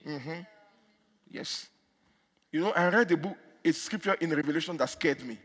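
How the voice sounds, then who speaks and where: A male preacher delivering a fervent sermon with commanding declarations, in a husky voice. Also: on the high side, normal speed, fairly bright tone. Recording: echoey hall.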